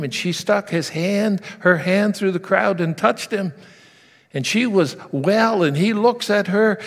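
Slow-spoken man preaching in an echoing hall. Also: high voice, gravelly. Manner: storytelling, asks the listeners direct questions. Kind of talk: sermon.

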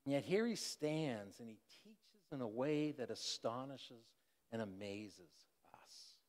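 A man's voice: mid-range voice, expressive, takes it slowly. A man voicing skeptical townsfolk in a sermon, asking incredulous rhetorical questions. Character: skeptical village townsfolk, astonished and gossiping. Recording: long hall reverb.

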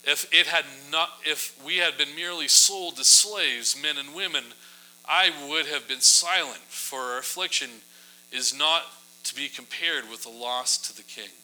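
A man preaching a sermon in a casual, humorous storytelling style, often adding quick asides to his listeners. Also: on the high side, sharp tone, low-quality recording. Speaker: pastor.

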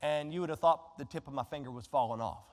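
A man preaching a sermon, telling a Bible story in an animated way and throwing rhetorical questions at his congregation. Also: a little high, fast talker, long reverb tail. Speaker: pastor.

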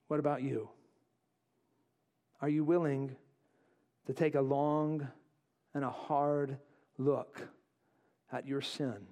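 A male pastor preaching a sermon, acting out quotes and dropping to quiet asides. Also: a little high. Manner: animated, acts out voices in quotes, drops to quiet asides.

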